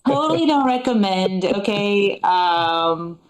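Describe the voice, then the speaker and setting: A woman's voice: medium pitch, expressive, slow, over a noisy crowd, rough recording. Chatty woman doing stand-up. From Eastern Europe. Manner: chatty, rambling, full of fillers and dry asides. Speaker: stand-up comedian. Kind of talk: live stand-up set. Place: comedy club stage.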